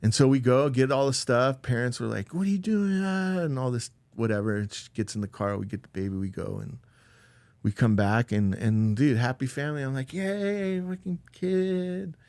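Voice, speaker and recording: A man's voice: mid-range voice, a little fast, a little mellow, no echo. Man rambling through a personal story. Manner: loose, rambling, with lots of "like" and "dude"; acts out quoted dialogue in a raised voice. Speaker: podcast guest.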